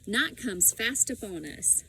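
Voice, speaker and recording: A woman's voice: fairly high pitch, animated, slow pace, creaky, sharp tone, far from the mic, slight background noise, heavily acted. A woman voicing a cheerful, confident boy with a jaunty, chummy way of talking.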